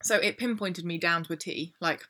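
A woman's voice: on the low side, moderate pace, sharp tone. A woman in her twenties with an East Midlands English accent, co-hosting a casual chat podcast. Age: 20s. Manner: chatty, questioning, laughs easily. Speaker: podcast co-host.

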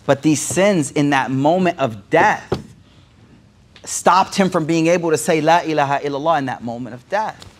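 A man's voice: a little high, moderate pace. A man preaching, retelling a story with casual slang and Arabic quotes mixed in. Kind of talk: sermon storytelling.

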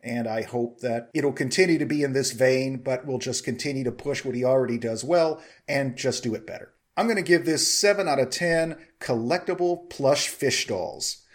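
A man co-hosting a film review podcast, talking in a measured, thoughtful way with frequent restarts. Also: mid-range voice. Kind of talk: casual film review chat.

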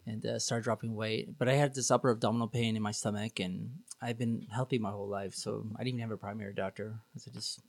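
Gravelly man telling his story. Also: lowish voice, fairly even intonation, quick pace, hardly any pauses, dry recording. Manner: sarcastic, candid, rambling with fillers. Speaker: podcast guest. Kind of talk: casual storytelling.

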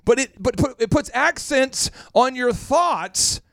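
A man's voice: very high voice, lively intonation, slow, gravelly, fairly bright tone, no room sound, clean studio sound. A man hosting a casual show as a business coach, talking animatedly and slipping in mock regional accents for laughs. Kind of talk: casual podcast talk with lessons.

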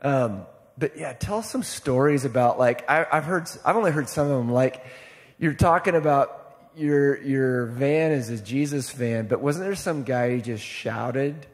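Relaxed male interviewer in a reverberant room. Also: mid-range voice, unhurried. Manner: friendly, loose questioning with many fillers. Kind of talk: casual interview chat.

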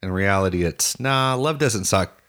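A man's voice: lowish voice, animated, moderate pace, fairly bright tone. A man co-hosting a relationship podcast, talking in a playful, rambling, teasing way. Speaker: podcast co-host. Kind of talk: casual relationship podcast chat.

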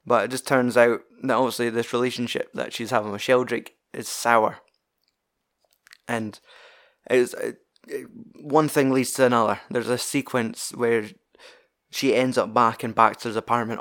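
A man's voice: medium pitch, fairly even intonation, a little slow, fairly bright tone. A man with a Scottish accent recapping a film plot in a casual, rambling way, swearing freely and laughing as he goes. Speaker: film reviewer.

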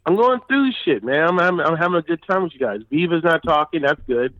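A brash man comedian chatting casually on a podcast. his voice sits a bit high, and he laughs through his own provocative jokes. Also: lively intonation, brisk, fairly bright tone, no echo, dull audio. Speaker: guest comedian.

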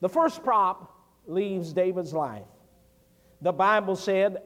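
A man's voice: high-pitched, takes it slowly, long pauses, a bit bright. A middle-aged man preaching a sermon as an evangelist, telling homely stories and building to fervent declamation. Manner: folksy storytelling, rising to fervent declamation. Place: church sanctuary. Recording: long church hall reverb.

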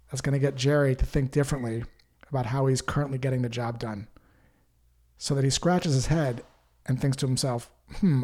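A man giving a calm sales-coaching talk, acting out short example phone calls. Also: medium pitch. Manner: calm, coaching, acts out example call lines. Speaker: sales trainer. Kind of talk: instructional talk with sample call scripts.

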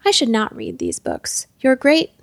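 A fussy old male minister hedges politely and hesitates, voiced by a woman reading aloud. The voice is fairly high and close, with no room sound. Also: wildly swooping pitch, measured pace, vocal fry, no echo, exaggerated voice. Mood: hesitant.

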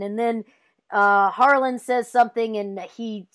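Woman podcaster recapping a film, lively, does little voices for the characters, slightly high voice. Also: normal speed. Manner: animated retelling, acts out characters' lines. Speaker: podcast co-host. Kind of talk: casual movie recap chat.

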